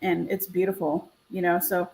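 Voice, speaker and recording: Slight background noise and low-quality audio surround a woman with a lowish voice speaking at normal speed. She is a realtor and co-host on a video call, animatedly recounting a story on a live stream and acting out the voices of the people she quotes.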